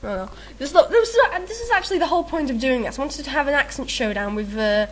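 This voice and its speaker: A woman's voice: high-pitched, animated, quick pace. A woman rambling through a questionnaire in casual chat, giggly and self-mocking, with lots of ums and uhs. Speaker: video maker answering a meme questionnaire.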